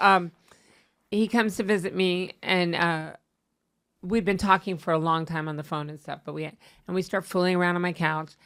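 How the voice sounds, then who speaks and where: A woman's voice: on the low side, a bit bright. Chatty woman telling a dating story. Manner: chatty, self-deprecating, laughing, acts out quotes. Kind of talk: casual chat.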